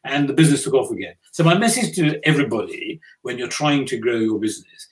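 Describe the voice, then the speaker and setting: An older man from the United Kingdom recounts business lessons in an unhurried interview. He tells his stories with dry, self-deprecating humor and often restarts his sentences mid-thought. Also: mid-range voice, lively intonation, poor audio. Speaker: business leader guest. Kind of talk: conversational interview storytelling.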